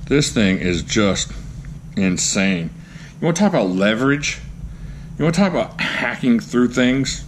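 Man, vlog host, excitable, gushing, joking, mid-pitched voice, faint background noise. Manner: excitable, gushing exclamations and goofy jokes. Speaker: knife collector, channel host. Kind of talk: casual show-and-tell vlog.

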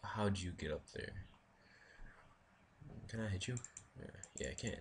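A man's voice: low voice, unhurried, background noise. A man giving casual let's-play commentary, rambling and thinking aloud as he builds, talking to his viewers. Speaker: gaming video creator.

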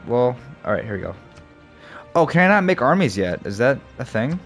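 A man's voice: medium pitch, big pitch swings, moderate pace. A young man giving casual let's play commentary, thinking aloud and swearing as he plays. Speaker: gamer. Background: faint game music.

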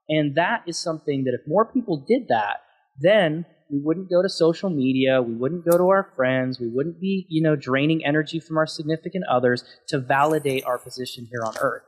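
Husky-voiced man, passionate podcast guest. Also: fairly high pitch, fairly quick. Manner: passionate, emphatic, talks through his thoughts. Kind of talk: podcast interview answer.

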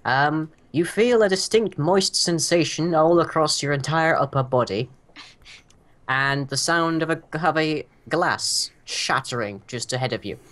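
A man as game master, narrating a tabletop game in a halting way with many fillers. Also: fairly high pitch, a bit bright.

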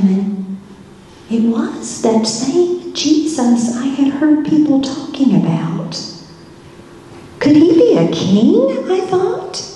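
Woman pastor doing a roman governor's wife, curious, keeps wondering out loud, slow and mellow, big echoey church. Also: high-pitched, full character voice. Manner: storytelling with many wondering rhetorical questions. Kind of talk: first-person dramatic monologue in a church service. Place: church sanctuary.

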